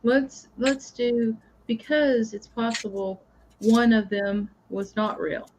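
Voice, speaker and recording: A woman's voice: a little high, level tone, takes it slowly, noisy background. A woman who is a guest tarot reader on a live stream, easygoing and laughing at herself as she tells stories. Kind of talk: casual live-stream chat.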